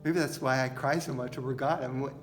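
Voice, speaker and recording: A man teaching a relaxed spiritual class to a live group, gentle and unhurried, laughing easily. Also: medium pitch, slight background noise. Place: church hall with a live group. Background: guitar music.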